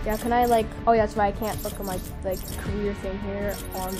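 A woman giving excitable live commentary while playing a video game, jumping between panicked outbursts and quiet muttering. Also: mid-range voice, brisk, over music. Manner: says "dude" and "frick" a lot. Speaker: gaming video creator.

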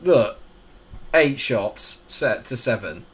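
A man's voice: mid-range voice, animated, slow pace, noisy background. A man commentating over his own football video game, exasperated, sarcastic and self-mocking about how badly it goes. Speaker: gaming YouTuber. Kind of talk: live gameplay commentary. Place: at home, late at night.

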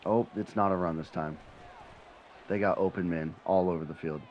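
Gameplay streamer, male, lowish voice, dips to mutters then bursts into loud excitement, dull lo-fi mic. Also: normal speed, a little hiss or hum. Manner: swings from low mutter to excited yelling, swears when frustrated. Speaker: gaming channel host. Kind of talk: live gameplay commentary.

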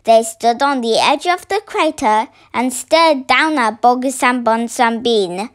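A woman reading a children's story aloud with slow, expressive storytelling. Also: a little high.

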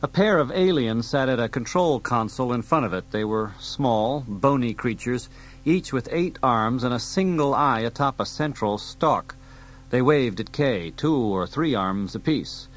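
A man reading an audiobook aloud in a steady storytelling delivery. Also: medium pitch, unhurried, rough recording. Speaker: audiobook reader. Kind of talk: audiobook narration.

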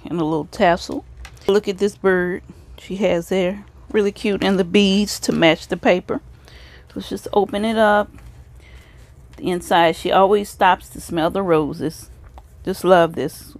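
A woman hosting a casual craft video, showing swap items and praising them again and again. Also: medium pitch. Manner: gushing, repeats praise often.

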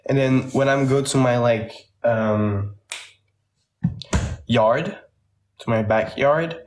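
A man's voice: medium pitch, takes it slowly, pauses often, slight background noise. Young Flemish guy, casual livestreamer, chatty and rambling, swears freely, answers viewer questions into a phone. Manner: chatty, rambling, cursing, with frequent laughs.

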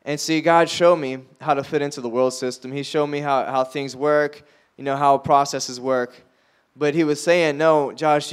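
Young male preacher, a bit high-voiced, earnest storyteller acting out the dialogue of his stories. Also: clean tone. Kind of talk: sermon. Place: church.

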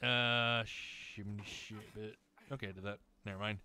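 Man, let's play host, bright crisp voice, close dry mic, sweary ranting. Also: fairly even intonation, measured pace. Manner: profane, ranting, mocking others in shrill voices. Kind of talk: angry rant over gameplay.

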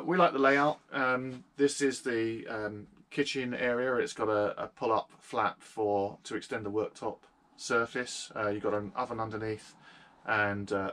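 A man giving a casual, matter-of-fact tour of his motorhome from inside it, with a fair number of ums and uhs. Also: lowish voice. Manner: steady, matter-of-fact, with hesitant fillers. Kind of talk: casual video walkthrough.

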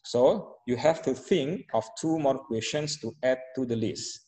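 A man teaching an English lesson, explaining slowly with frequent fillers and restarts. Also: medium pitch, lively intonation, warm tone, in a large hall, poor audio. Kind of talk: online classroom instruction.

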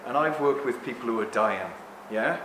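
A man giving a rambling, joking live talk to an audience, speaking loudly without a microphone. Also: medium pitch, animated, normal speed. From Greek heritage. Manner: jokey, rambling, loud. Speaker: guest speaker. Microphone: no microphone, room recording. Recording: echoey room with background noise.

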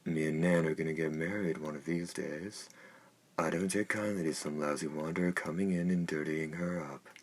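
A man playing a jealous young hothead spoiling for a fight. The voice stays very deep and flat with a husky grain, an audiobook reading more than a performance. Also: moderate pace. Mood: challenging. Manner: spiteful, challenging.

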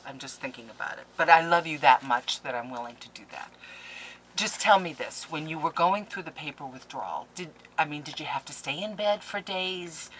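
A woman's voice: deep voice, fairly bright tone, a little hiss or hum, poor audio. A woman scrapbooking vlogger opening a package on camera, gushing and playfully melodramatic in a casual chat. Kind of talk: casual unboxing vlog.

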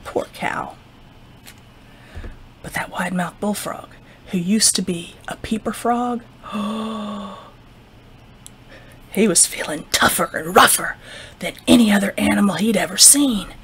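A woman librarian telling a folktale to children, expressive, with whispers and sound effects. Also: mid-range voice, normal speed, a little hiss or hum. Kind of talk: children's storytime narration.

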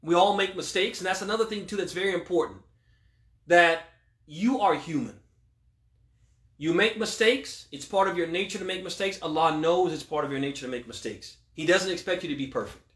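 A male imam giving a religious question-and-answer talk, asking rhetorical questions, then answering them, and quoting Arabic scripture quickly. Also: high-pitched, fairly bright tone. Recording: echoey room.

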